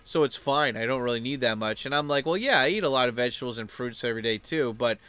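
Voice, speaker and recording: Chatty young man, smooth clear voice. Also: medium pitch, quick pace, pushed and bright, no room sound. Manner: loose and chatty, heavy with filler words. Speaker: channel host. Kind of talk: casual rambling monologue.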